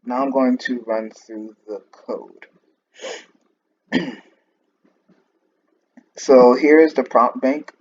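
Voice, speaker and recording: A man's voice: mid-range voice, extremely slow, pauses often. A man, a student, walking through his class coding project on a screen recording, hesitant and full of fillers and restarts. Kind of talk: screen-recorded program walkthrough. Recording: muffled lo-fi audio with steady noise and clicks.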